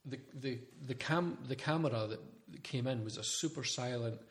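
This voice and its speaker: A man with a Scottish accent, an actor guest telling casual, animated stories in an interview. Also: mid-range voice, normal speed. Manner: animated storyteller, colloquial.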